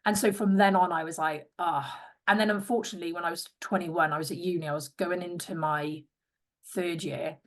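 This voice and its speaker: A chatty young woman from England talks as a podcast guest in a lowish voice. She tells her story with lively bits of quoted dialogue, voicing the people she remembers. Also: a little fast. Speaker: guest, former rugby player. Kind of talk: casual interview chat.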